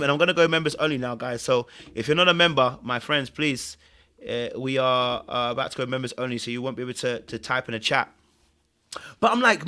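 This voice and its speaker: A man's voice: mid-range voice, quick pace. A man hosting a podcast, giving emphatic commentary on a reality show and acting out the people he quotes. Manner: animated, emphatic, acts out quotes. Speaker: podcast host.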